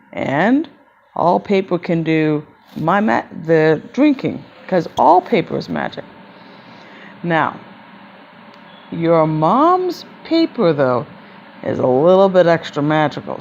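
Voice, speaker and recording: A woman playing a patient gentle schoolteacher. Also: lowish voice, creaky, lo-fi sound, a little hiss or hum, full character voice. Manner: soothing, explaining slowly.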